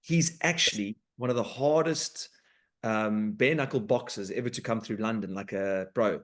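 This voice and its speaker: Animated male podcast host. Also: on the low side, moderate pace. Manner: animated, informal, sweary banter. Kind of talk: casual podcast chat.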